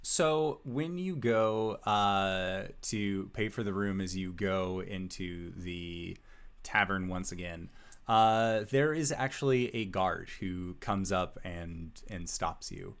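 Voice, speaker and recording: A man narrating a tabletop game as game master, relaxed with frequent filler pauses. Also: sits low, clear, resonant tone.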